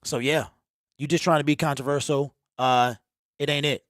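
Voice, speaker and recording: A man's voice: a little high, steady tone, normal speed, fairly bright tone, no echo, studio quality. A man in his forties hosting a fan livestream, rambling and teasing his chat in a casual rant. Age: 40s.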